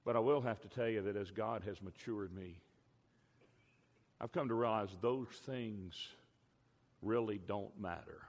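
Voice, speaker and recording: An older man preaching a sermon as a pastor, emphatic, drawing out key words slowly. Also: lowish voice. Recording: long hall reverb.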